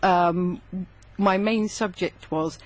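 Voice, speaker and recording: A middle-aged woman from England, a guest author on a radio interview in a studio, chatty and quick to laugh. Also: on the low side.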